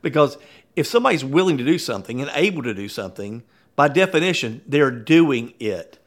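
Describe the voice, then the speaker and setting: A man, a workplace consultant, telling a story in an animated, conversational way with frequent chuckles. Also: medium pitch, fairly quick. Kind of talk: storytelling talk.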